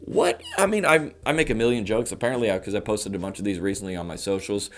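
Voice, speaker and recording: A man in his thirties hosting a comedy show, ranting fast to camera and slipping into mock voices. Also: on the low side. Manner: rapid, animated rants with mock voices. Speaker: comedian host.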